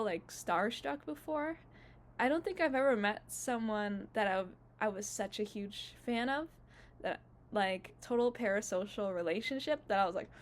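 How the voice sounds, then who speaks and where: Gushing young woman vlogger, higher voice. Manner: gushing and emotional, many fillers. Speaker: YouTuber. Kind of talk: casual vlog recap.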